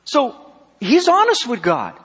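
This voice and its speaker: A man preaching a sermon, emphatic, swinging between loud and soft, acting out dialogue with a slightly husky voice. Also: very high voice, huge pitch swings, unhurried. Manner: emphatic, rising and falling sharply, acts out dialogue. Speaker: pastor. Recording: long hall reverb.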